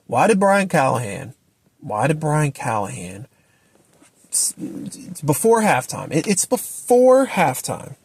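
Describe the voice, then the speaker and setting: There's no echo on this husky male voice as he vents at home about his football team in a ranting opinion video. He is an exasperated sports fan who keeps repeating himself, his pitch jumping sharply up and down.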